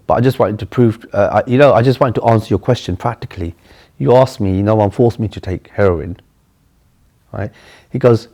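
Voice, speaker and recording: A man's voice: mid-range voice, fairly quick, warm tone. A middle-aged man with a London accent, a charity chief executive earnestly telling stories in an interview, often restarting his phrases. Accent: London English. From England. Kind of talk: storytelling in an interview.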